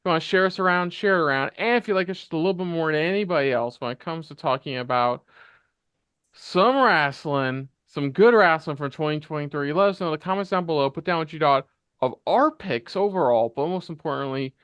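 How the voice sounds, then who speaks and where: A man's voice: fairly high pitch, animated, brisk, fairly bright tone, clean tone, dry recording. A man hosting a casual panel show, signing off with an upbeat plug for the channel. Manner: upbeat promotional sign-off. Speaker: host.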